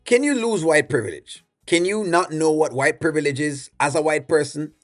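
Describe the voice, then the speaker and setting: A man with a Jamaican accent talks through a reaction video, opinionated and loose, with plenty of "you know" and "um". His voice sits a little higher than most men's. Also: lively intonation, moderate pace, soft background music. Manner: rambling, opinionated, many fillers. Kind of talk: casual commentary.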